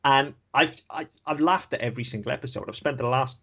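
A man's voice: mid-range voice, fast talker, gravelly, fairly bright tone. A man co-hosting a casual podcast chat, rambling and sweary, with self-deprecating jokes. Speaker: podcast co-host.

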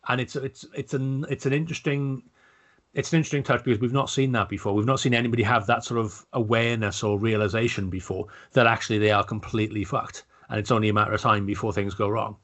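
A man's voice: fairly low pitch, fairly even intonation, fast, a bit bright. A man co-hosting a podcast, talking bluntly about a TV show with frequent restarts and casual swearing. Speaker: podcast co-host. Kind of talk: casual chat reviewing a TV episode.

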